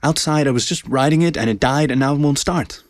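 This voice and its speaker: A man's voice: a little high, a little fast, no room sound, clean studio sound, pitched above the performer's own voice, lightly acted. Man voicing a shy flustered college girl. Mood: nervous. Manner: stammering, nervous. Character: shy flustered young female student.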